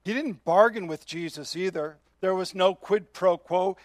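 A man's voice: sits high, measured pace, few pauses, dry recording. A man preaching a sermon as pastor, earnest and emphatic, often asking his listeners questions.

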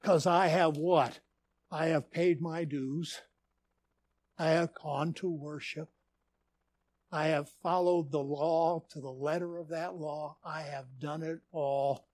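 A self-righteous Pharisee brags in a complacent tone, as a man acts him out in a sermon. He speaks slowly in a high voice. The recording is dry and close. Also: fairly even intonation, a little mellow, no room sound. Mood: smug. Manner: complacent, self-satisfied boasting.

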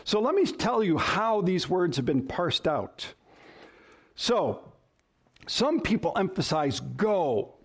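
A man's voice: high-pitched, very animated, takes it slowly, breathy edge. Emphatic male pastor preaching. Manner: emphatic, varies stress and pace for effect. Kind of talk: sermon.

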